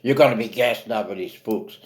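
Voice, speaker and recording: Man doing male ghost, stern, warning, lower tone, jive slang, storybook. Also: a little fast, lightly acted.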